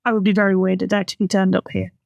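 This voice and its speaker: An amused player in a tabletop role-play session. They mostly answer with short remarks, with an even, middle pitch. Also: quick pace, vocal fry.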